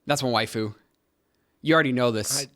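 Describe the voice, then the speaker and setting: A man's voice: medium pitch, moderate pace, sharp tone. A young man co-hosting a podcast in casual chat, rambling and joking and losing his train of thought. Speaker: podcast co-host.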